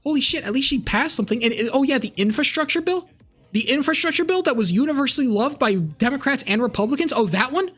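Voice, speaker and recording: A man's voice: very high voice, expressive, quick pace, fairly bright tone, husky, faint music behind. A man in his twenties, a streamer, ranting angrily at his live chat with lots of swearing and repetition. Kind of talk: heated rant to live chat.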